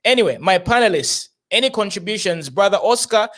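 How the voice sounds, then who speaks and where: A man's voice: high voice, animated, brisk, fairly bright tone. A man hosting a political discussion panel, speaking English with local phrases mixed in. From Zambia. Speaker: show host.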